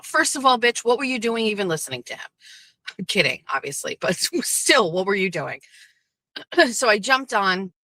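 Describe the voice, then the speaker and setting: A woman host chatting casually while driving, telling a story in a punchy, profane, animated way. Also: mid-range voice, dry recording, poor audio. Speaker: vlogger and show host. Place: in a car. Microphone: phone in a dashboard holder.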